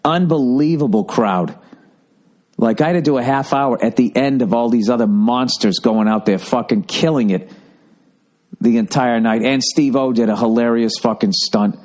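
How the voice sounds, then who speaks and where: A man's voice: medium pitch, moderate pace, a little mellow. A man, a comedian and podcast host, telling a profane, ranting story in a monologue from a room at home.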